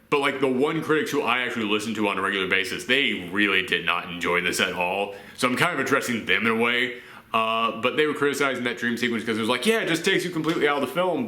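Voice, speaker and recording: A man giving a casual spoken film review, chatty and full of "uh" fillers. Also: mid-range voice. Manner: chatty, frequent "uh" fillers, lively asides. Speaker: movie reviewer. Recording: echoey room.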